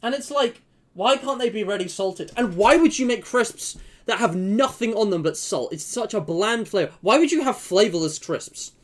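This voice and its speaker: A man's voice: high-pitched, animated, normal speed. A young man streaming, chatting casually and rambling with jokes and fillers. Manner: rambling and joking, many fillers. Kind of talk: casual chat.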